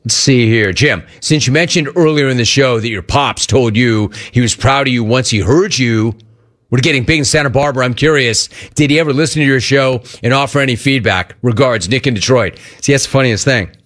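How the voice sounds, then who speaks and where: A middle-aged man hosting a sports talk show, answering listener questions in a casual, animated way that acts out remembered conversations. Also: mid-range voice, a little fast.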